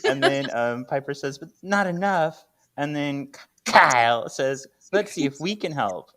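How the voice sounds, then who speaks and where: A podcast co-host narrating comic pages with a wry, joking tone. The voice sits at a middling pitch. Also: lively intonation, measured pace, fairly bright tone. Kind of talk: casual chat, reading a comic aloud.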